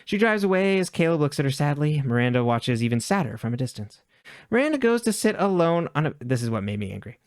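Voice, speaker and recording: A man's voice: on the high side, big pitch swings, fast, no room sound, studio quality. A man co-hosting a podcast, casually recapping a TV episode with offhand asides and chuckles. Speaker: podcast co-host.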